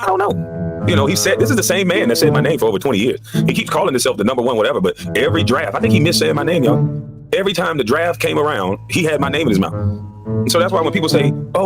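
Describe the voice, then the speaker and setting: A fairly high-pitched male voice belongs to a former basketball player delivering a heated podcast monologue. He rants, hammering his points with emphatic repetition.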